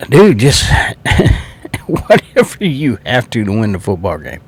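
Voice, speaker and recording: A man's voice: medium pitch, big pitch swings, slow pace, pauses often, slightly rough, no echo. A man from South Carolina with a Southern accent, talking football as a fan in a blunt, swearing, laughing casual way. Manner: blunt, swears freely, laughs between remarks. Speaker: sports fan podcaster.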